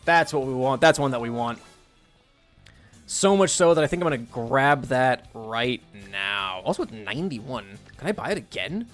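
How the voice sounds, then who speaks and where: Chatty male streamer, very expressive pitch, giggly, faint chiptune bed. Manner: chatty, animated, giggly, swears casually. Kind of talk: casual gameplay commentary.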